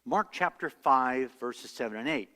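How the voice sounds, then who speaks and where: Male pastor giving a sermon, mid pitch, storytelling voice, big echoey church hall. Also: expressive, unhurried, bright, forceful tone. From United States. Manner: storytelling, acts out quoted voices. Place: church sanctuary.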